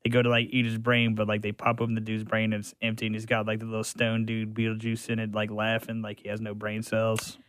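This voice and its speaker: A man's voice: fairly low pitch, monotone, quick pace, few pauses, fairly bright tone, clean tone, no echo. A man on as a guest on a local radio show, joking and rambling with many fillers. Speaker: restaurant guest. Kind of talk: casual radio chat. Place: radio studio.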